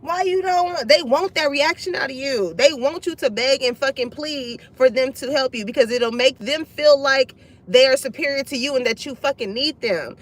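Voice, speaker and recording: Woman, high voice, casual tarot reading, profane, blunt, laughs a lot. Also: normal speed, low-quality recording. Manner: blunt, profane, laughs often, acts out others' lines. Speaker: tarot reader. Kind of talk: casual spoken reading to viewers.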